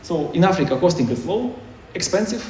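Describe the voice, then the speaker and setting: A conference speaker's high-pitched voice swings widely in pitch, sounding a little mellow and a little fast. He presents in choppy, non-native English and keeps restarting. A distant mic picks him up in an echoey hall, with a little hiss or hum.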